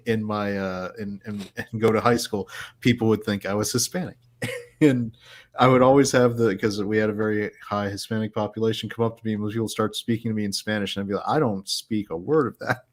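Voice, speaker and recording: A man co-hosting a casual podcast chat, relaxed and often laughing as he talks. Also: on the low side. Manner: relaxed, laughs while talking. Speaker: podcast co-host.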